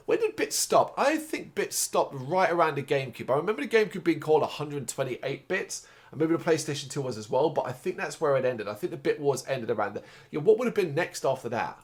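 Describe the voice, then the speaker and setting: A tired man hosting his own video, talking unscripted and wandering off on tangents, with casual swearing and plenty of fillers. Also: medium pitch. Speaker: host of a music and games review site.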